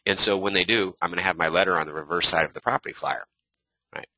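A man's voice: low voice, fast talker, dry recording, low-quality recording. A man teaching a webinar with lots of energy, often asking rhetorical questions and acting out short conversations. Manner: energetic, talks in rhetorical questions, acts out homeowner dialogue. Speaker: real estate coach.

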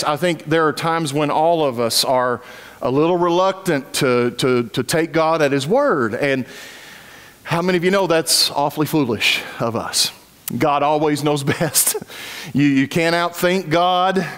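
A man's voice: fairly high pitch, a bit bright. A middle-aged man preaching a sermon and reading scripture aloud, with folksy, chuckling asides to his congregation and frequent restarts. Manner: stumbles and repeats words as he talks. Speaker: pastor.

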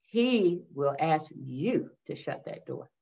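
An older woman minister sharing her testimony in a faith interview, telling it with lively storytelling and acting out the voices. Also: low-pitched, slow, vocal fry. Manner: animated storytelling, acts out voices, addresses listeners as y'all. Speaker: guest minister. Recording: dull lo-fi sound.

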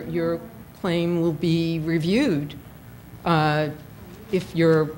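Low-voiced woman official with many fillers. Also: little pitch movement, extremely slow, a little mellow, slight background noise, rough recording. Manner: hedging, many "you know" fillers. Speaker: fund official answering questions. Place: public forum.

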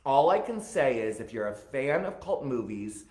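A man hosting a live stream, answering viewer questions and telling stories in a campy, animated way. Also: mid-range voice, normal speed, echoey room. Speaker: host.

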